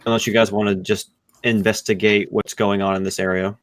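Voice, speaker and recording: A man's voice: lowish voice, level tone, brisk, dry recording. A man running a tabletop game as game master, recapping in an easygoing, loose way. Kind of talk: casual game narration over voice chat.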